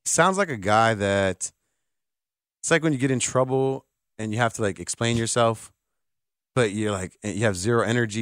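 A man hosting a sports talk radio show, lively and joking, speaking from a radio studio. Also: on the low side, normal speed, pauses often, no echo. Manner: lively, joking, does voices to mock.

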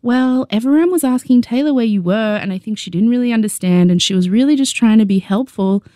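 A woman with an Australian accent voicing a hesitant teenage girl who speaks haltingly. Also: fairly high pitch, mellow, no echo, studio quality, pitched above the performer's own voice, natural voice.

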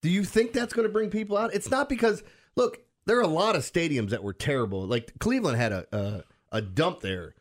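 A man's voice: on the high side, lively intonation, brisk. A man with a Baltimore accent hosting a sports radio show, talking casually and animatedly with frequent restarts and laughs.

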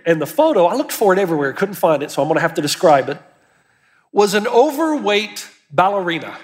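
A male pastor preaching an earnest, emphatic sermon, lifting his voice on key words. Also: high-pitched. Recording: long hall reverb.

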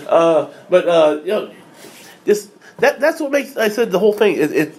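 Rambling podcast host man, slightly high. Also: sing-song, moderate pace, a little mellow, a little hiss or hum. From United States. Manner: rambling, many fillers and restarts, laughs often. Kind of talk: casual chat.

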